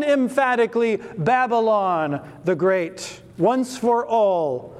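Man, preacher, high voice, unhurried delivery, emphatic rhetorical questions, long echoing hall. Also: a little mellow. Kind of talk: expository scripture sermon.

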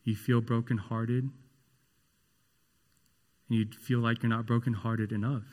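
Male pastor, mid-pitched, slow and earnest sermon delivery. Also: little pitch movement, a little mellow. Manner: slow, earnest, emphatic preaching. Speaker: preacher.

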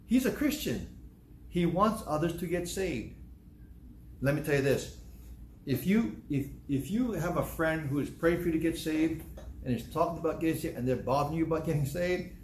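A male pastor delivering a sermon, conversational but breaking into loud emphatic bursts. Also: a little high, animated, moderate pace, slight background noise. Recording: echoey room.

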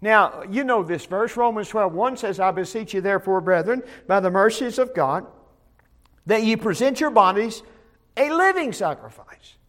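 A pastor preaches a Bible study sermon in a high, expressive voice at a moderate pace. His emphatic delivery swings between loud declarations and soft asides, with words frequently repeated as he starts a phrase.

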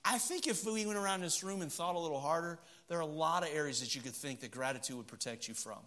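A middle-aged pastor preaches fast in a church sanctuary, telling stories during the sermon. He moves between loud, emphatic passages and low, quiet ones.

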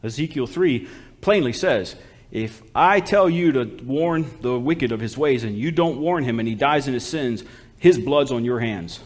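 A man's voice: mid-range voice, a little slow. A man preaching a sermon as a missionary, folksy and exhortative, calling out to the congregation for responses.

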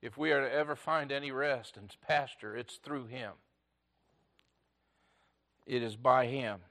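Emphatic preacher, slow and bright-voiced. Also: male voice, mid-range voice, vocal fry. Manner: swings between loud emphatic lines and hushed near-whispers; preaches in short, repeated declarative phrases. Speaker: pastor. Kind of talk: sermon.

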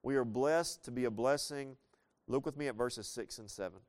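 A man's voice: mid-range voice, moderate pace, a little mellow. Southern-accented man preaching a sermon. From Southern United States. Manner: conversational, folksy storytelling with dynamic emphasis. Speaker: pastor.

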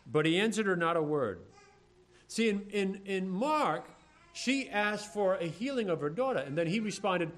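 A male pastor delivering a sermon in an animated way. His pitch sits a little high and rises and falls widely as he reads old scripture phrasing and then acts out the disciples in plain modern talk. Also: moderate pace.

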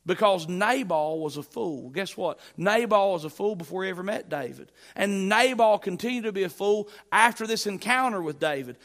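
A middle-aged man preaching from the pulpit, his voice sitting a bit high for a man. He drives his points with emphatic, building repetition and eases into humorous storytelling. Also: lively intonation, normal speed, gravelly, few pauses. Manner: emphatic, rising to loud peaks, storytelling with humor. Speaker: pastor. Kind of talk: sermon.

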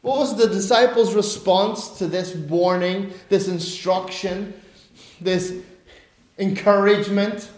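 A man preaching a sermon with emphatic, repeated phrases that sometimes drop to soft, low asides. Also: steady tone, takes it slowly, reverberant.

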